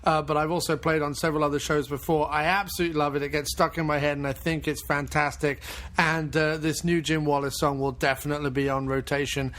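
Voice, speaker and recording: A man's voice: on the high side, flat delivery, fast talker, a bit bright, slight background noise. A man hosting a podcast, talking casually and enthusiastically with many fillers. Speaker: podcast host.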